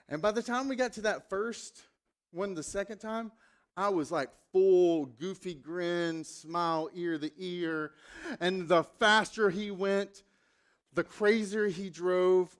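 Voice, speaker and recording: A man preaching a sermon, telling a personal story in a casual, animated way and acting out his own reactions. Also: high voice, normal speed, smooth. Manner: animated, acts out his own panic with rising volume. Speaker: pastor. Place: church stage.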